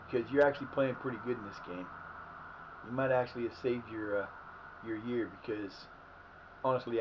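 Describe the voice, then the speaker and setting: A man with a hoarse, fading voice who streams from his house. He rambles between chatter about the game and his day, swearing freely at his players. The audio is slightly muffled, with a faint hiss behind it. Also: mid-range voice. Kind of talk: live gameplay commentary.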